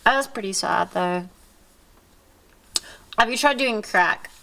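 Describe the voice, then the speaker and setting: A congested woman streamer with a cold, rambling and joking as she chats, cursing freely. Her voice sits at an ordinary middle pitch for a woman, a little thick and blocked through the nose. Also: slow pace, vocal fry, pushed and bright. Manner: rambling, playful, swears a lot. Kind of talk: casual chat.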